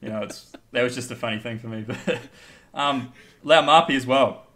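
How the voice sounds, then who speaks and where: A man's voice: mid-range voice, normal speed, pushed and bright. Blunt young New man. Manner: blunt, swears, laughs often. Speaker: guest pundit. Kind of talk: casual rugby chat.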